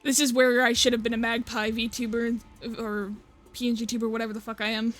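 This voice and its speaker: Woman streamer chatting over a game, kinda high voice, swears a lot, laughs at herself, soft music in the back. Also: little pitch movement, fairly quick. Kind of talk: casual game stream commentary, reading story text aloud.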